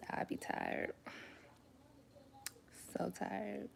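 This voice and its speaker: A woman's voice: mid-range voice, little pitch movement, very slow, vocal fry. A young woman chatting casually as a mom, telling stories with slangy asides and frequent laughter. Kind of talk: casual chat.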